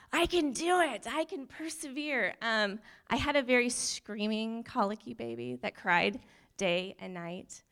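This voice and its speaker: A young woman tells a personal story to a church group, her voice sitting at an ordinary middle pitch. She rambles nervously and keeps laughing at herself. She talks like a nurse chatting casually. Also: pushed and bright, clean tone. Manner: nervous, rambling, laughs often, self-deprecating. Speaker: nurse sharing a testimony. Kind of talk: personal testimony talk.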